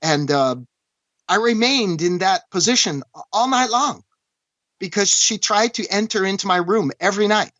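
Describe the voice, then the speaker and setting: A man from Canada, recounting a personal story as an interview guest in an earnest, halting way, often restarting and saying "you know". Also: high voice, expressive, a bit bright, no echo. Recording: dull, dry lo-fi recording.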